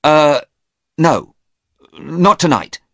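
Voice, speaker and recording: Guy doing a jumpy young man, high strained voice, dry close sound. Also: lively intonation, very slow, a bit bright, no echo, full character voice. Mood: flustered. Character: young man, tense and agitated.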